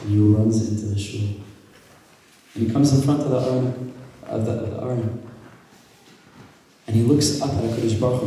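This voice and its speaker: A male rabbi with a deep, very mellow voice tells a story and acts out each character's lines, sometimes sinking to a hush. He sounds distant, picked up from across a large hall. The room adds a heavy, long-ringing echo with faint noise underneath. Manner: acts out quoted dialogue, drops to hushed tones. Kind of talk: storytelling talk at a gathering. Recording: echoey hall from far off.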